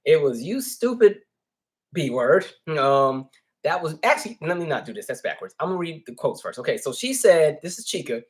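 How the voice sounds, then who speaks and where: A man's voice: on the high side, lively intonation, fairly quick. A man hosting a casual commentary vlog, chatty and candid, often checking in with "right?" and "you know". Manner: candid, easygoing storyteller. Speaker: host.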